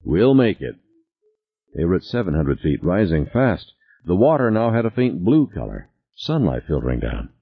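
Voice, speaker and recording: A man with a very low voice narrates a novel, his pitch swinging widely as he reads. The recording is dry and a little muffled, close to the mic. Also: normal speed, gravelly, breathy edge. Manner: dramatic, expressive reading. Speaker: audiobook narrator. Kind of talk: scripted narration.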